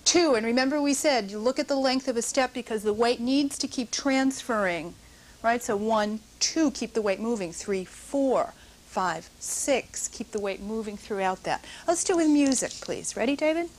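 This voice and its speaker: A woman's voice: fairly high pitch, animated, normal speed. A middle-aged woman teaching a dance notation class in a studio, coaching dancers and calling counts aloud.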